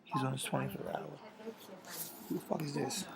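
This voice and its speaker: A young man rambling loosely and profanely at home at night, drifting between loud talk and whispers, recorded on a laptop mic. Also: medium pitch, brisk, creaky, a crowd in the background, low-quality recording. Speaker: vlogger. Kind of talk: rambling casual vlog. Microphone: laptop built-in mic.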